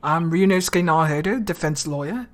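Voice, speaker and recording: A courteous young law student introduces himself in a formal, brisk way, as a woman reads his lines for a game. The voice stays close to her own low, plain speech, only quicker. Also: close to an everyday voice. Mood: polite. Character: polite young male Japanese law student.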